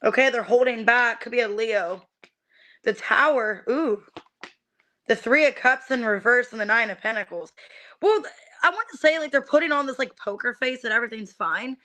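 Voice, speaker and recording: A woman's voice: a little high, normal speed, pushed and bright. A young adult woman reading tarot on a live stream, chatting casually with many fillers and greeting viewers by name.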